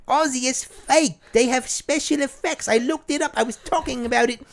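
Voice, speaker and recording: A man's voice: very high voice, normal speed, vocal fry, pitched above the performer's own voice. A man doing a bossy, scolding British wife. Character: nagging, bossy British wife correcting husband.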